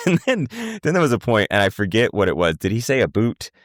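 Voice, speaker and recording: A man's voice: lowish voice, big pitch swings, fairly quick, no room sound, studio quality. A man co-hosting a podcast in laid-back casual chat, laughing along often. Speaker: podcast co-host.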